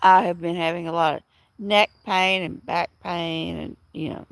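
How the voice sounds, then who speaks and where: A middle-aged woman talks casually to her livestream viewers from home, wandering from story to story with frequent restarts. Her voice has a gravelly fry to it, and the sound is close and dry with no room echo. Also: lowish voice, steady tone, moderate pace. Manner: rambling, chatty storytelling with many restarts. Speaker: livestream host.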